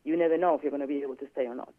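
A man telling a personal story in casual chat, animated and acting out the quoted dialogue. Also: on the high side, very fast, dry recording. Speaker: guest. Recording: tinny phone-line sound, dry.

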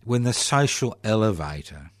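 A man's voice: fairly low pitch, big pitch swings, no room sound, studio quality. A man giving a sardonic political monologue full of rhetorical questions, leaning hard on key words. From Australia. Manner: sardonic, rhetorical questions, slow emphatic stresses.

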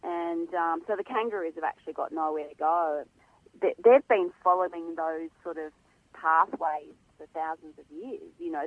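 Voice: medium pitch, dry recording. A guest, speaking passionately and emphatically about animal welfare in a phone interview. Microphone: telephone. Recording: tinny phone line.

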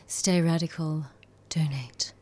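A woman's voice: low-pitched, steady tone, slow, darkish tone. A woman putting on a posh English accent to read out a radio donation appeal. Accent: put-on posh English.

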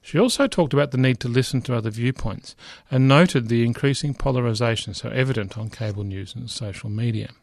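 A man's voice: medium pitch, a little fast, vocal fry, hardly any pauses, no room sound, studio quality. A middle-aged man lecturing, reading a news report aloud with frequent asides, fillers and restarts.

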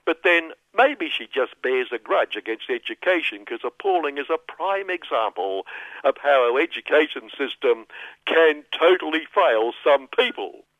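A man's voice: mid-range voice, expressive, moderate pace, no room sound. A man runs through a mocking satirical radio monologue, every line dripping with sarcasm. The sound is dull and lo-fi, close and dry with no room around it. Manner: sardonic, mocking. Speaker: radio commentator.

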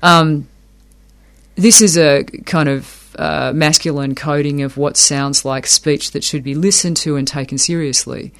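A man's voice: fairly high pitch, fairly even intonation, a little slow, creaky, fairly bright tone. A man explaining academic ideas in an interview, thoughtful, often repeating words as he works a point out.

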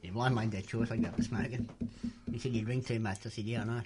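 A man's voice: medium pitch, steady tone, quick pace, noisy background. A man who chimes in with jokes during a casual chat. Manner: chiming in, jokey.

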